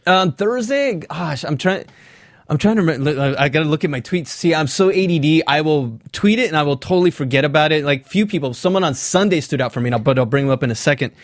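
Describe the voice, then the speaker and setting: A man hosting a podcast in casual chat, energetic and rambling, poking fun at himself. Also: on the high side, fast talker, no echo, studio quality. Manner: energetic, rambling, self-deprecating. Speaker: podcast host.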